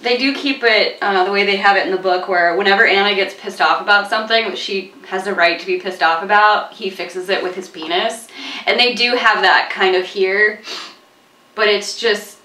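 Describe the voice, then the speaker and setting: A woman co-hosting a film review chat, sarcastic and animated, mocking the characters with quoted voices. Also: mid-range voice, moderate pace. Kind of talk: casual chat. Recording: echoey room, voice a bit far from mic.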